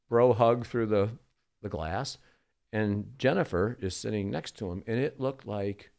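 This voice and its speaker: A man's voice: on the low side, a little mellow, clear, resonant tone. A middle-aged man from the Boston area, a sportscaster guest, telling rambling anecdotes full of ums in a casual interview.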